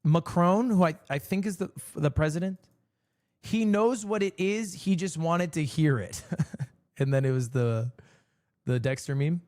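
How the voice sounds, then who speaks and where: A young man with a fairly high voice talks loosely to his stream audience. He rambles, pokes fun at himself and breaks into laughter often. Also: unhurried, darkish tone. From United States. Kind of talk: casual stream chat.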